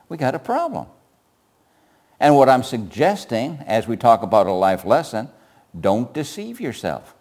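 In his sermon, an older man uses rhetorical questions and moves back and forth between forceful emphasis and hushed asides, speaking in a mid-range voice.

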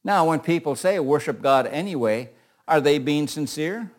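Joking, conversational teacher. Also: male voice, on the high side, expressive, moderate pace. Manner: conversational, joking asides, repeats words. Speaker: Bible class teacher. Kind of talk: informal Bible study teaching.

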